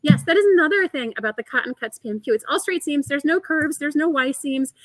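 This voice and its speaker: A woman's voice: high voice, fast talker, no room sound, rough recording. A woman hosting a live quilting show, chatty and enthusiastic as she explains the program and answers viewers in the chat. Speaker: host of a quilting shop livestream. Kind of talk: upbeat live product show.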